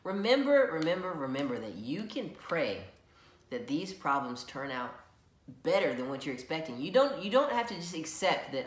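A man's voice: fairly high pitch, sing-song, normal speed, a bit bright. A man co-hosting a casual Bible talk, conversational, with prayerful asides. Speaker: co-host. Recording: echoey room.

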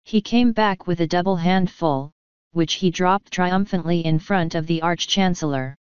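A woman's voice: lowish voice, moderate pace, clean tone, no room sound, dull audio. A woman narrating an audiobook, reading every character herself with small shifts of voice. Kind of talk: scripted narration.

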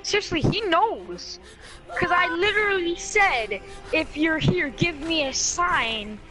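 Excitable high-voiced woman gamer. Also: soft background music, rough recording. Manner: excited, joking, quick to react. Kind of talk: casual gaming voice chat.

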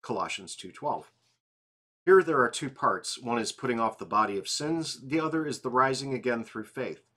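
A tired man reading a church confession aloud in an evening devotional, steady and plain. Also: mid-range voice, moderate pace. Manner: reads steadily, apologizes and laughs at slips. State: yawning, tired.

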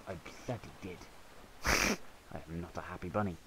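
A man's voice: sits low, normal speed, noisy background. A man swearing and joking his way through a video game. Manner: sweary, jokey running commentary. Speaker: gamer. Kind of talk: let's play commentary.

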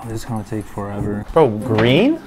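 A man's voice: fairly low pitch, sing-song, moderate pace, crowd noise. A young man hosting a crafting challenge video, teasing his friends and laughing often. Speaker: video host. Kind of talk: casual banter. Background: music.

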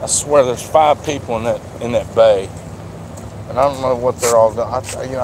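A man with a drawl talks his way around a car lot in a loose, rambling vlog. His voice sits mid-range and folksy, with the odd mild swear, caught on a handheld phone with clear traffic and street noise around him. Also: medium pitch. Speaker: vlogger. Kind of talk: casual walkaround vlog. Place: outdoors at a car dealership lot. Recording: outdoor traffic noise behind.

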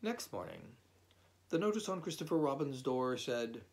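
A man reading a children's story aloud in a gentle, unhurried way. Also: medium pitch, sing-song. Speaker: audiobook reader. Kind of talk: storybook narration.

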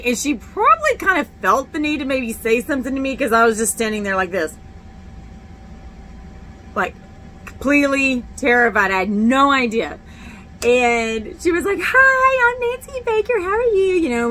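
Speaking in a high, bright, forceful voice, this middle-aged woman from Texas gives a casual personal testimony about her faith. She talks candidly and chattily, often restarting and using fillers. The audio quality is poor.

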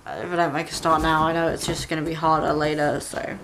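A woman in her twenties with an English accent, chatting casually to her camera at home as a vlogger, soft-spoken and rambling with lots of fillers. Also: low-pitched, level tone, fast talker, a little hiss or hum. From England. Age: 20s. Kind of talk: casual vlog chat. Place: at home, indoors. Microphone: handheld compact camera.

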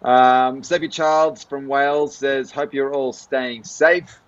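A man's voice: medium pitch, slow pace, no echo, dull audio. A man with an Australian accent hosting a live stream chat and reading out viewer comments. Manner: relaxed, reads out fan messages. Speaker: host.

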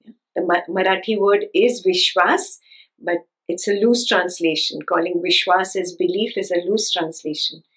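A woman's voice: on the low side, fairly even intonation, normal speed, fairly bright tone, rough recording. A woman giving a spiritual teaching talk, who stresses and repeats her key points and keeps checking that listeners follow with rhetorical questions.

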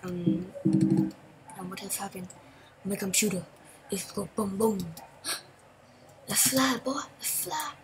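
A woman hosting a gaming channel, giving chatty, excitable gameplay commentary in broken English and repeating phrases. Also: medium pitch, slow, long pauses, slight background noise, rough recording.

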